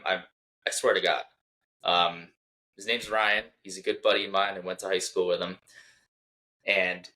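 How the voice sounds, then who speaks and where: A man's voice: low voice, sharp tone. A young man co-hosting a casual sports podcast, teasing his co-host and laughing as he reads tweets aloud. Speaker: podcast co-host, Philadelphia fan.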